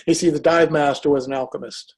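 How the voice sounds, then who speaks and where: A man spins a motivational anecdote and brings each exchange to life as he tells it. His voice sits a little high, with a gravelly, husky edge. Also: fast talker. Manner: lively, acts out dialogue in anecdotes. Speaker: speaker. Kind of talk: motivational storytelling.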